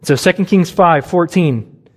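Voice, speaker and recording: A man delivers an earnest sermon, leaning on each point with emphatic, deliberate phrasing. His voice sits a touch higher than most men's. He drops low and soft when he speaks Jesus' words. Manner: earnest, emphatic expository preaching with long pauses. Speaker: preacher.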